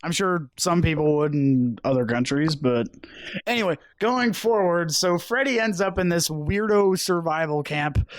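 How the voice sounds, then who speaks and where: High-voiced young man, rambling sarcastic recap. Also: measured pace, no echo. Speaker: podcast co-host. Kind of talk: casual chat.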